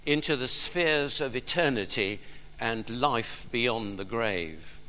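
A male preacher delivers his sermon at an unhurried, deliberate pace. His voice is bright and clear, and it rings with the long reverb of a church. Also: medium pitch. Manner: slow, deliberate preaching with pauses.

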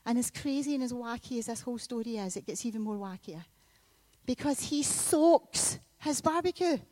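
Woman preacher in church, high voice, dry close sound, big loud bursts when she tells the story. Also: normal speed, no echo. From Scotland. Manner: animated storytelling with sudden loud peaks. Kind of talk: sermon.

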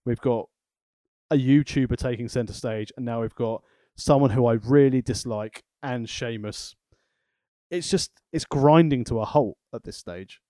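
A man's voice: medium pitch, normal speed, dark tone, dry recording, clean studio sound. Wry, sarcastic man on a podcast. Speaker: wrestling podcast co-host. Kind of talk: casual podcast chat.

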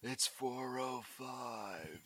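Podcaster doing a slow whispery deadpan tough-guy impression, hushed and unbothered. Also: medium pitch, no echo, pitched above the performer's own voice, full character voice. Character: deadpan whispery male action star impression.

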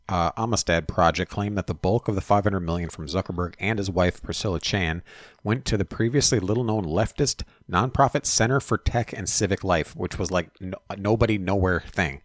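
A man's voice: on the low side, normal speed, no room sound, clean studio sound. A man hosting a podcast, reading news stories aloud and commenting, stumbling on words and adding profane asides. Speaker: podcast host.

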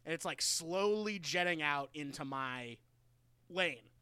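Podcast co-host, man, high and clear voice, dry close mic, loose profane storyteller. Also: expressive, slow, bright, forceful tone, dry recording. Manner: rambling, profane storytelling with lots of "like". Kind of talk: casual chat.

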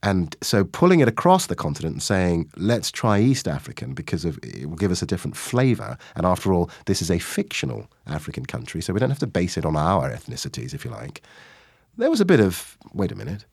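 A man, an actor, answering interview questions with animated stories, acting out quoted lines as he goes. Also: low-pitched, fairly quick, creaky, slightly rough, dry recording, clean studio sound.

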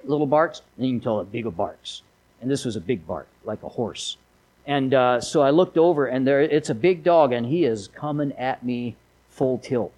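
A man's voice: medium pitch, darkish tone, husky, low-quality recording. A man preaching a sermon, mixing folksy stories with emphatic appeals. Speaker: pastor.

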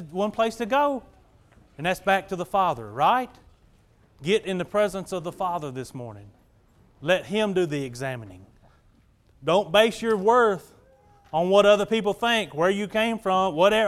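A male pastor preaches in a folksy, talky way, often tossing questions back to the congregation. His voice sits high for a man, and his sermon swings between easy chat and raised emphasis. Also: clean tone. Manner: folksy, conversational, keeps asking the congregation "right?".

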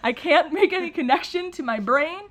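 A woman's voice: high voice, animated, moderate pace, a loud crowd. A young woman chatting casually as a podcast co-host, sounding nervous, rambling with fillers and restarts and laughing often. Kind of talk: casual chat.

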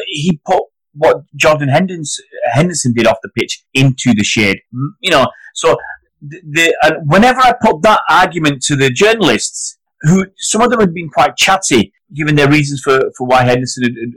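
A man co-hosting a football podcast, arguing his point in an animated, heated way, his pitch climbing as he gets worked up. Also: no echo, low-quality recording. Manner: animated, argumentative, rising pitch when heated. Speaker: podcast co-host. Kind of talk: casual football podcast chat.

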